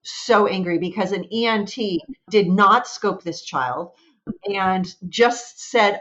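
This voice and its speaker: A middle-aged American woman, a speech pathologist guest, telling stories in an animated, chatty way. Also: mid-range voice, slow pace, lo-fi sound. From United States. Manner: animated storyteller. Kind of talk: casual interview chat.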